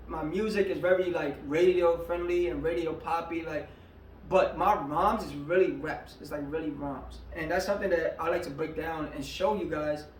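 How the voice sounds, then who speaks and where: A man's voice: fairly high pitch, a little hiss or hum. A male rapper casually breaking down his own lyrics in a slangy, laid-back way, full of filler words. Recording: echoey room, a bit far from the mic.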